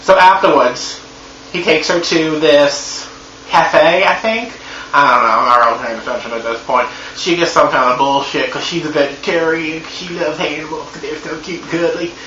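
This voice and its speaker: A man reviewing a movie in a sassy, profane, animated comedy recap. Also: fairly high pitch, moderate pace. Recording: echoey room, dull lo-fi sound, faint hum.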